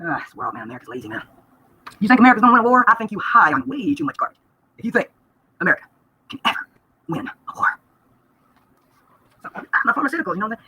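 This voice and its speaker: A woman, venting bluntly and rapidly during a live-stream vlog, breaking into laughter now and then. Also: medium pitch, very animated, bright, forceful tone, slightly rough. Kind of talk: rambling live-stream rant.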